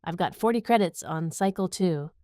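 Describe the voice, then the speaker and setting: A woman's voice: on the low side, moderate pace, warm tone, no echo, clean studio sound, close to an everyday voice. A woman voicing the gossiping walls of an alien ship, a gushing matchmaking busybody, in an audiobook.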